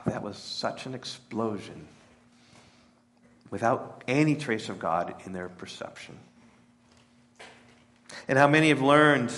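A man preaching a sermon in a conversational way, often checking in with "right?" and voicing the crowd's lines in a higher, animated tone. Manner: voices the crowd's lines in a raised, animated pitch. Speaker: pastor.

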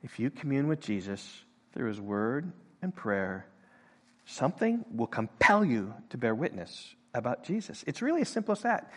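A man's voice: mid-range voice, normal speed, husky. Older man preaching, with hall reverb. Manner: animated storytelling, acting out voices in quotes. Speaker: pastor. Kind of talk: sermon.

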